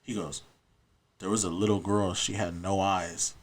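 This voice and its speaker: Low-voiced man in his thirties, earnest casual storyteller, faint hiss behind. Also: steady tone, measured pace. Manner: earnest, matter-of-fact storyteller. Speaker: podcast guest, paranormal investigator.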